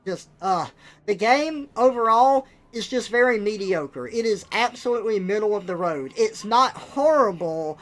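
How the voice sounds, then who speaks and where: A man's voice: high-pitched, animated, a little slow, a bit bright. A young man on a live stream, ranting bluntly and with exasperation, swearing now and then. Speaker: livestreamer. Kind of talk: casual live-stream rant.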